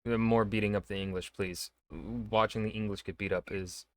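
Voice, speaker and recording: A man's voice: lowish voice, steady tone, normal speed, dry recording. A man hosting a reaction video, chatting casually and joking at his own expense. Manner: joking, rambling, self-mocking.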